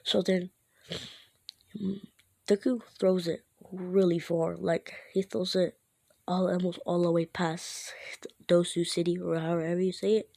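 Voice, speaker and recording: A woman's voice: on the low side, flat delivery, measured pace, vocal fry, darkish tone, no echo. A woman casually retelling a made-up story in a rambling, chatty way, with lots of "he's like".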